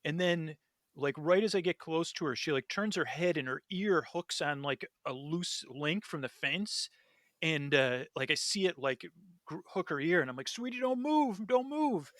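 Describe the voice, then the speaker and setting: A man, a podcast guest, telling a dream story in casual chat, rambling and animated with lots of fillers. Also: fairly high pitch, moderate pace, no room sound, studio quality.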